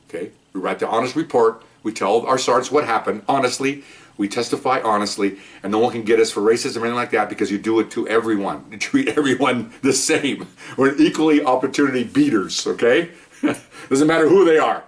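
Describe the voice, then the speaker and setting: A man's voice: medium pitch, quick pace, recorded from a distance. A man, a retired police officer, telling cop stories in a casual monologue, acting out what people said and chuckling along. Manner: animated storytelling, acting out quotes, chuckling.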